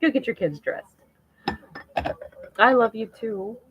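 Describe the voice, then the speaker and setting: A woman's voice: fairly high pitch, lively intonation, takes it slowly, breathy edge, no room sound, highs cut off. A middle-aged woman chatting casually and emotionally on a live stream to her viewers, laughing often.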